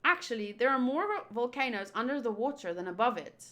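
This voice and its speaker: A woman reading a manga aloud, voicing a clever young woman navigator who explains things calmly. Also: a little high, brisk, pitched below the performer's own voice. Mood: explaining. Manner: calm and explanatory.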